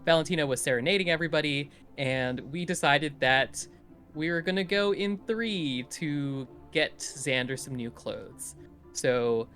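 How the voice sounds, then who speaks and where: A man casually recapping the last tabletop role-play session for the group, in an animated storytelling way. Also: on the high side. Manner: animated storytelling, playful voices in quotes. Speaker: player giving a recap.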